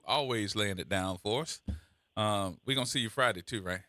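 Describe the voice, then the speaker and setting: A man hosting a call-in radio show, talking in a brisk way and wrapping up calls with friendly sign-offs. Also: lowish voice, bright, forceful tone, dry recording. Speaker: radio host.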